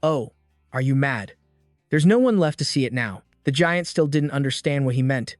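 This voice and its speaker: A man narrates a story recap in a steady, scripted read-aloud style. His voice sits a little high, and he barely changes it for the characters' lines. The sound is dry and close, with faint music underneath. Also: brisk, no echo.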